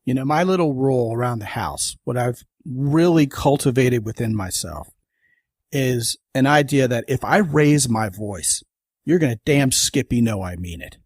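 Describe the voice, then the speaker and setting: A man's voice: medium pitch, animated, moderate pace, husky, no echo, clean studio sound. A man hosting a podcast, talking in an emphatic, folksy way in casual conversation. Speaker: podcast host.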